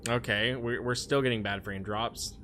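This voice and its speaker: A man streaming a video game, chatting casually with his viewers and now and then yelling at the game. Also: medium pitch, fairly even intonation, moderate pace, a little hiss or hum. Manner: yells at the game in frustration, then chats with viewers. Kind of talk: casual gaming stream chat.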